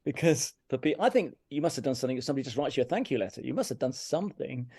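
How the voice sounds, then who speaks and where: Earnest English man, gravelly and dry. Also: mid-range voice, lively intonation, rapid-fire, mellow, no echo. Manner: earnest, emphatic, repeats himself, self-critical. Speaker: interview guest, brass teacher. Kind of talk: candid conversational storytelling. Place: farmhouse room.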